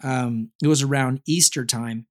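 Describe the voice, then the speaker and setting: A young man, a father, telling a personal story in casual chat, full of restarts and repeated words, getting animated as he goes. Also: medium pitch, measured pace.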